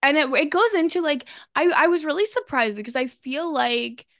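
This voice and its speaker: A fairly high woman's voice with a gravelly, fry-laden texture, recorded close and dry. She recaps an episode in easygoing chat, filling her sentences with "like" and quick restarts. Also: animated, dry recording. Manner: chatty, many fillers and restarts. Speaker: podcast co-host.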